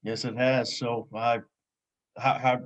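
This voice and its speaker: A man co-hosting a casual recap chat, easygoing, with halting restarts. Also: medium pitch, flat delivery, lo-fi sound. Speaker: co-host.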